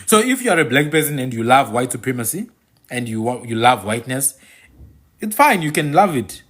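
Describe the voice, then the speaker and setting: Fairly quick and sing-song, a man's medium-pitched, fairly bright voice leads an opinionated monologue for his channel. The South African host repeats phrases for emphasis as he addresses viewers.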